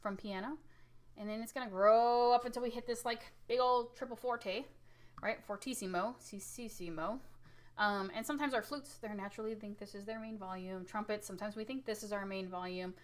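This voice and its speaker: Animated woman music teacher. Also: medium pitch, a little fast. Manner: animated, demonstrates loud and soft with her voice, says "right?" often. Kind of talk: casual recorded lesson.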